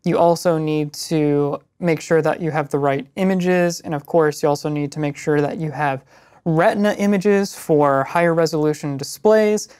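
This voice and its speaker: A man's voice: fairly high pitch, steady tone, normal speed, a little mellow, smooth. A man co-hosting a casual web tech news show, enthusiastic and easygoing while presenting links. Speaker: co-host.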